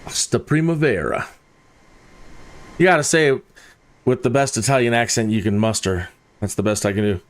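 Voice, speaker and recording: Give me a man chatting casually to his viewers while he plays a flight sim, in an average-pitched voice. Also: moderate pace, pauses often. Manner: chatty, talking directly to viewers. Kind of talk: casual gameplay commentary.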